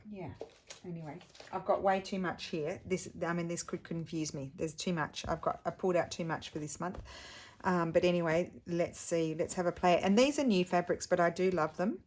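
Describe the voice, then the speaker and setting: A middle-aged woman hosts a relaxed craft tutorial, her voice sitting a little on the low side. She chats loosely, trailing off and picking her thoughts back up as she shows her materials. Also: normal speed, a little hiss or hum. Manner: chatty, rambling, trails off and restarts. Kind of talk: casual craft demonstration.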